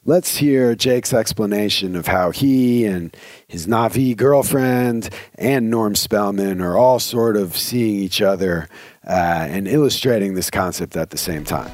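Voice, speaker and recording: A male podcast host talks through ideas earnestly and conversationally, often restarting his sentences. His voice sits on the low side. The sound is close and dry, with no room echo. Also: a little slow, a little mellow. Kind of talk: reflective spoken commentary.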